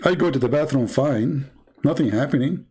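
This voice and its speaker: A man questions a guest in a comedy skit, hesitant and playing innocent. His voice sits low and he stumbles over fillers before each point. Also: moderate pace, warm tone, breathy edge, low-quality recording. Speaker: host. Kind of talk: comedic skit, mock interview.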